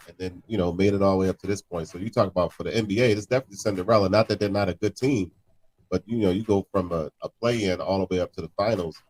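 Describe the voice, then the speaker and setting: A man co-hosting a casual chat show, animated, often repeating words and laughing. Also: on the low side. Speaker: co-host.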